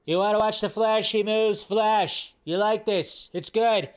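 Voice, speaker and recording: A brash, boastful older politician, as a male host puts him on for a quick gag. He talks in short, repetitive bursts. The voice sits fairly high. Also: steady tone, clean tone.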